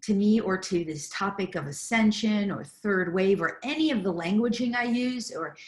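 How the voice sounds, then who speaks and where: A woman spiritual teacher and healer giving a live online talk on a video call, earnest and effusive, with loose fillers and restarts. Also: mid-range voice.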